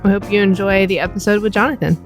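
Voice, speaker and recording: A woman, an assistant dean co-hosting a casual podcast, friendly and quick to laugh. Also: mid-range voice, fairly even intonation, faint music behind. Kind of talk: casual podcast chat and guest introduction.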